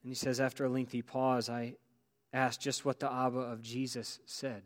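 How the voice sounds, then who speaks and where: A man preaching a sermon as pastor, telling a story with many restarts and drops to near-quiet. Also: mid-range voice, level tone, normal speed.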